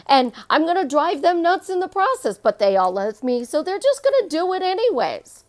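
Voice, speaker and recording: High-voiced woman coaching with emphatic repetition. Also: sing-song, moderate pace. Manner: emphatic, repeats phrases for effect. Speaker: life coach. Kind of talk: motivational monologue.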